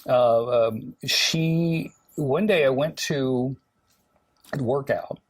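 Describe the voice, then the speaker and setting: A man's voice: mid-range voice, drawn-out words, no echo. A man from Alabama, a TV host, chatting as an interview guest and telling rambling, anecdotal stories full of fillers. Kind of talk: casual interview chat.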